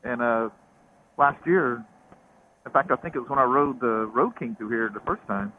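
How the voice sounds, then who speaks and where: A man's voice: mid-range voice, moderate pace. A man from the American South chatting casually with his wife while riding, rambling and searching for words mid-sentence. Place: outdoors on a moving roadster. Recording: tinny phone-like headset audio with light noise.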